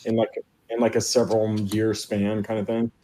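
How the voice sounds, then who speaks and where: A man's voice: on the low side, monotone, moderate pace, warm tone. A man playing a tabletop role-playing game, narrating his character's actions in a rambling way with many fillers. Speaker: player.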